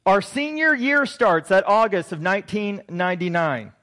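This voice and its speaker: A man's voice: high voice, sing-song, moderate pace, sharp tone. A man in his forties preaching a sermon and telling a personal story in an earnest, emotional way. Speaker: pastor.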